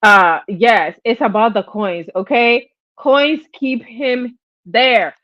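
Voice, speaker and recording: Chatty woman on a live stream spilling gossip, kinda high voice, dry sound. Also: slow pace, dry recording, dull audio. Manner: chatty, animated, acts out quotes. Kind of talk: casual gossip commentary.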